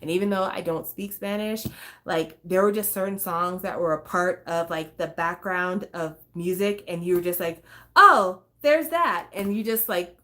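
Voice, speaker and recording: A woman's voice: lowish voice, steady tone, moderate pace. A woman hosting a casual talk stream, chatty and swearing, breaking into snatches of songs. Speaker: host. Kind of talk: casual chat.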